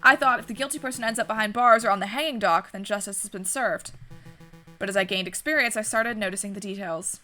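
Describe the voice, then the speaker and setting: A principled male bird prosecutor from a courtroom game reflects in a measured, formal way, read aloud by a woman. The voice is bright. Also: medium pitch, soft background music, natural voice.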